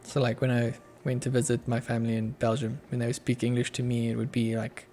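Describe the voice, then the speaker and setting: Gravelly Australian man muttering while coding. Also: medium pitch, little pitch movement, a little fast, hardly any pauses, warm tone, a little hiss or hum. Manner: muttering to himself while working, chuckling. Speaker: streamer, app developer. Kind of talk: casual live coding stream.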